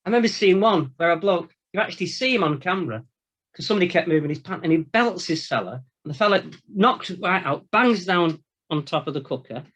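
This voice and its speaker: High-voiced priest telling prison stories. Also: male voice, fairly quick. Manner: storytelling, animated anecdotes with quoted voices; informal, colloquial phrasing. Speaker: Catholic priest, former prison chaplain. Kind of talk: conversational Lenten talk.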